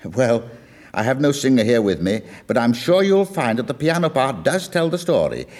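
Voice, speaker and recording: A man explains a song to his listeners, telling its tale with an animated, rising and falling voice. He slips into the characters' lines as he goes, and his speaking pitch sits in the middle range. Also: brisk. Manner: storytelling, lively, acts out quoted lines. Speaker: music lecturer. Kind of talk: explaining a song with acted quotes.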